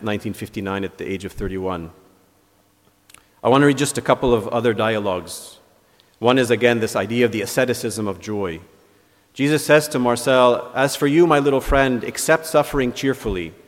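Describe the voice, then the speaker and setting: Priest preaching in a reverberant church. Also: male voice, mid-range voice. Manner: reads quoted dialogues aloud with lifted, animated emphasis. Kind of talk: homily.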